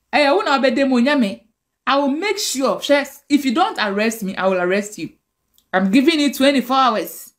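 A woman's voice: sits high, fairly bright tone. A Ghanaian woman with a Ghanaian accent, ranting angrily and scolding in a direct-to-camera video. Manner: angry, scolding rant mixing languages.

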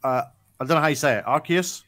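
This gaming podcast co-host talks fast in a slightly high, bright, forceful voice. He chats casually, rambling along with many ums and false starts.

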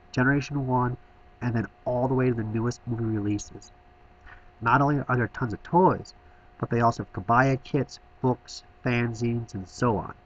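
A man's voice: mid-range voice, lo-fi sound. Man narrating a toy shop tour. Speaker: toy store reviewer. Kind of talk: scripted voice-over narration.

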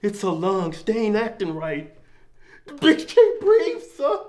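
A man's voice: high-pitched, lively intonation, measured pace, darkish tone. A man playing a pathetic husband pleading for his sick wife in a comedy sketch, breaking into laughter again and again. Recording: noisy set recording.

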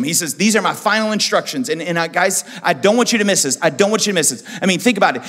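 A man's voice: high voice, a bit bright, long reverb tail. A male pastor preaching a passionate sermon, acting out the voices of people he quotes. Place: church auditorium.

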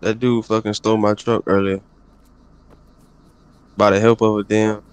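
A man's voice: on the low side, flat delivery, moderate pace, smooth, no echo. A man chatting casually while playing a game with a friend, laid-back, swearing constantly and laughing often. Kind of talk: casual profane gaming chat.

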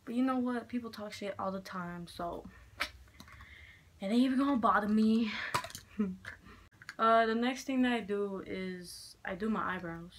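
Young woman, hoarse from a cold, casual makeup chat, swears freely, home room. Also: mid-range voice, unhurried, pauses often, a little hiss or hum. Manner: chatty, frank, swears a lot. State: sick, slightly hoarse. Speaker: beauty vlogger. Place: room at home with poor lighting. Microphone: handheld mirror in one hand, camera fixed.

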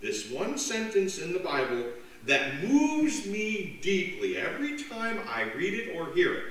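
Slow, lively preacher in an echoey church. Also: male voice, high voice, recorded from a distance. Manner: slow, dramatic delivery with lively voiced jokes. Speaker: pastor. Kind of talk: sermon. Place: church sanctuary.

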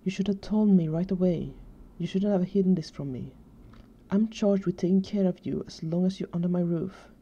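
Tired reproachful foster mom, gravelly low voice, dull lo-fi sound, read by a woman. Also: moderate pace, dark tone. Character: tired, worried female foster guardian. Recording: dull lo-fi recording.

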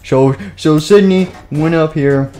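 A man's voice: fairly high pitch, takes it slowly, warm tone, soft background music. A man live-streaming, narrating an improvised game story in a rambling, goofy way with spoken sound effects.

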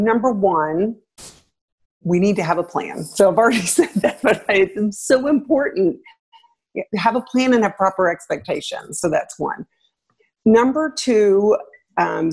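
A middle-aged woman, a former teacher, giving parenting advice in a relaxed interview, lively and acting out parents and children as she talks. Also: medium pitch, slightly rough. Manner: animated, acts out parents and kids in a raised voice.

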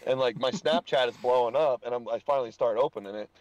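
Brief: young male podcast guest, loose storyteller who swears and laughs, mid-pitched voice. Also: fairly quick, no echo, dull audio. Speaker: podcast guest, dirt track racer. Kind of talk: casual podcast chat.

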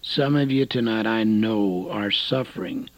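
A man in his late seventies, an evangelist giving a radio sermon, swinging between loud exhortation and a hushed near-whisper. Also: on the low side, a little slow, dry recording. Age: 70s. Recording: dull lo-fi radio broadcast with faint music.

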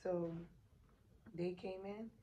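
Woman, 30s, AAVE, family vlogger. Exhausted, animated storyteller, low dark voice, light room noise. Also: very slow, low-quality recording. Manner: animated retelling, acts out quotes, addresses viewers as y'all. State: exhausted and sore after giving birth. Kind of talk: casual storytelling vlog. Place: hospital room.

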